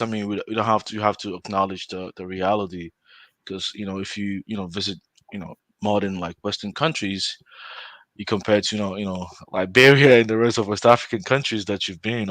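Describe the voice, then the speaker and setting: A man with a lowish voice in casual conversation, recorded close and dry with no room sound. He asks long, winding questions padded with fillers. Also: a bit bright, no echo. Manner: questioning, hedging with "you know" and "right". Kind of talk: casual chat.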